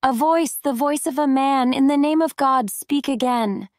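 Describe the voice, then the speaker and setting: A woman's voice: high voice, unhurried, dry recording, clean studio sound, pitched above the performer's own voice. A woman voicing a desperate young male sailor imprisoned alone, anguished and pleading.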